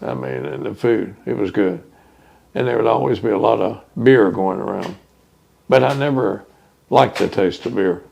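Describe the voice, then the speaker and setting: An older man from Texas, recalling his hometown in an oral history interview, unhurried and full of fillers. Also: lowish voice, vocal fry, darkish tone, slightly rough. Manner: reminiscing, unhurried with many fillers.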